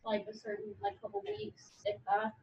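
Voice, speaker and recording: A woman's voice: fairly high pitch, very animated, normal speed, a little mellow. A woman student asking casual, blunt questions in a classroom, heard distant and muffled in an echoey room. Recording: dull, distant, echoey classroom with faint noise.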